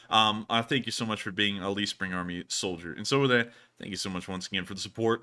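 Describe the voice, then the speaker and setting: A man's voice: mid-range voice, pushed and bright. Sick man hosting a livestream. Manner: drawling, folksy, repeats thank-you phrases. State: sick, feeling unwell. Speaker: livestream host. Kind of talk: casual livestream chat.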